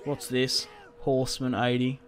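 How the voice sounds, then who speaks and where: A man's voice: mid-range voice, completely flat delivery, unhurried, soft background music. A young man giving casual gameplay commentary, chatting and muttering orders to his troops as he plays. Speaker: gaming video creator.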